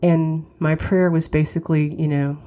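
A middle-aged woman with a low, mellow voice hosts her podcast alone. She tells a personal story candidly and reflectively. A lingering cold sometimes catches her voice. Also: little pitch movement, normal speed. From West Virginia. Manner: candid, reflective, wry laughs. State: has a cold, occasional cough. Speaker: podcast host.

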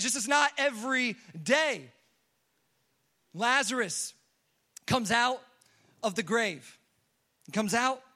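Bright-voiced young male preacher. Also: high voice. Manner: animated storytelling, acts out quotes, casual fillers. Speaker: pastor. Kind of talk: sermon.

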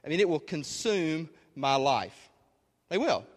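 A man's voice: a little high, big pitch swings, unhurried. A man preaching a conversational sermon in a church, with emphatic delivery and many rhetorical questions. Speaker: pastor. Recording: long hall reverb.

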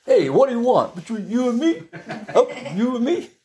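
A man's voice: very animated, normal speed, dark tone, slight background noise. A man voicing a defiant male evil spirit who goads someone into a fight in a raised, taunting voice. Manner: taunting, high-pitched and goading.

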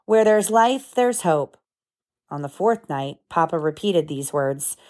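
A woman's voice: sits low, animated, takes it slowly, a little mellow. A woman in her thirties reading a picture book aloud to her children at home, stopping to explain the story in plain words.

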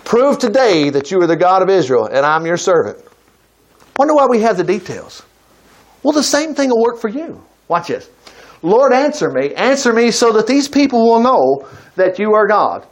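Animated, high-pitched preacher man. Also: moderate pace. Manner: emphatic, conversational preaching with sudden pitch jumps. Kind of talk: sermon.

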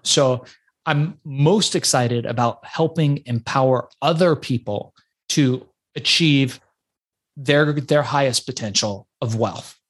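A man's voice: mid-range voice, slow, husky. Iran-born man telling his story. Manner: animated storyteller with frequent restarts. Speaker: podcast guest. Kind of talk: casual interview storytelling.

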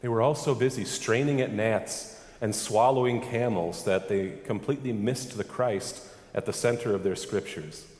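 A man's voice: on the low side, normal speed, darkish tone. Pastor, male, emphatic sermon delivery, roomy sanctuary sound. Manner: emphatic preaching with rhetorical questions.

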